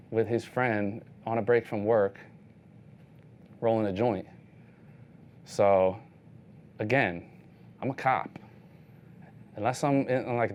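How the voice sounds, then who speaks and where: A man with a lowish voice shares street photography stories in an easygoing, rambling way. His speech is packed with "like", and he acts out the people he meets. There is a faint hiss behind him. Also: darkish tone. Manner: loose storytelling, heavy use of "like", acts out other people's lines. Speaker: street photographer giving a talk. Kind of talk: casual anecdotal presentation.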